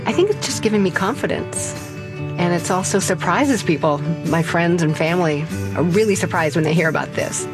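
An older woman telling a personal story to an audience, with an animated, playful delivery and frequent laughter. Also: on the low side, a little fast, over music.

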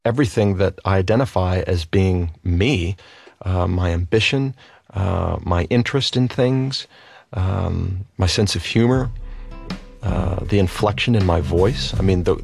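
Low gravelly guy thinking out loud, slow halting words, faint guitar behind. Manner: halting, thoughtful, with many pauses and fillers. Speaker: interviewee. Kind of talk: reflective personal testimony.

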